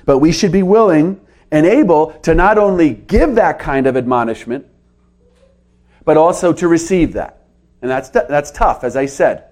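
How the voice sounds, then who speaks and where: A man preaching a sermon to his congregation, earnest, with his pitch rising and dropping for emphasis. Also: moderate pace, a little mellow. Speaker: pastor.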